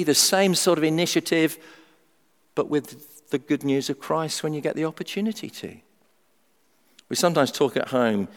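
A middle-aged man preaching a sermon in a humorous, animated way, acting out everyday voices. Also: on the high side. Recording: long hall reverb.

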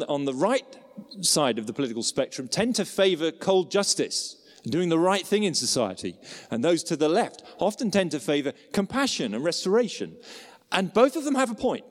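A man preaching a sermon with expressive emphasis and rhetorical questions. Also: a little high, normal speed. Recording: long hall reverb.

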